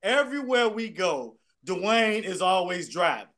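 A man co-hosting a podcast, telling profane, animated stories in casual chat and acting out what people said. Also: high voice, a little slow. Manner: animated, profane storytelling with voiced quotes. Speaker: podcast co-host.

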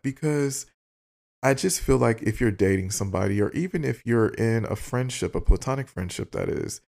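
A man's voice: mid-range voice, lively intonation, normal speed, gravelly, darkish tone. A young man hosting a podcast, casually telling a story in a candid, profane way and acting out both sides of his text exchanges. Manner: candid, swears freely, acts out both sides of texts. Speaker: podcast host.

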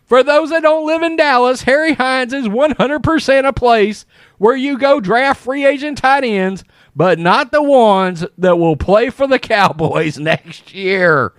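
A man giving casual, animated commentary, reading social media posts aloud with frequent laughs and exclamations. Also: very high voice, measured pace, dry recording, clean studio sound.

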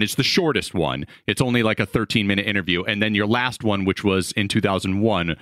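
A man's voice: lowish voice, a little fast, few pauses, a bit bright, dry recording. A man co-hosting a comedy podcast, flustered and giggly, breaking into laughter. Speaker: podcast co-host.

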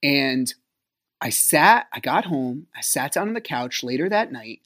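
A man hosting a podcast, telling a personal story in a rambling way, full of "like", sometimes dropping to a low murmur. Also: animated, measured pace, fairly bright tone. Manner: rambling, frequent filler "like". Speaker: podcast host.

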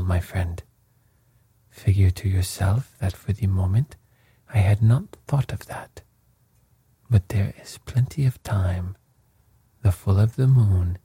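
This is a man voicing a precise, faintly pompous older detective with a French accent. It comes as a whispered role-play, very breathy and deep. The delivery is unhurried and dry, close to the ear. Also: warm tone, dry recording, heavily acted. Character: fussy older male Belgian detective.

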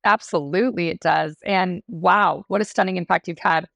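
A woman hosts an interview podcast, gushing with praise and asking long, winding questions. Her voice has a gravelly fry, and the recording is dry and close. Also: lowish voice, normal speed, fairly bright tone, no echo. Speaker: podcast host.

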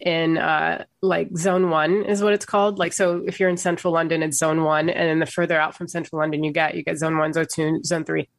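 A woman's voice: deep voice, little pitch movement, a little fast, vocal fry, hardly any pauses. An American woman, a comedian guest, chatting casually on a podcast and filling her talk with "like". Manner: chatty, lots of "like" fillers. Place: small recording room.

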